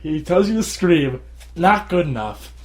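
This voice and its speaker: A tired man co-hosting a podcast in casual chat, rambling and laughing often as he acts out shouted quotes. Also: fairly high pitch, sing-song, a little slow. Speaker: podcast co-host.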